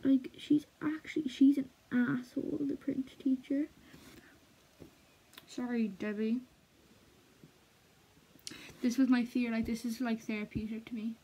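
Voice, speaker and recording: A young woman chats straight to the camera in a husky voice that sits a little high. She is excitable and giggly, and she keeps slipping between bubbly chatter and hushed asides. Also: slow, pauses often, poor audio. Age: young adult. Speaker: art student vlogger. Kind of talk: casual chat to camera.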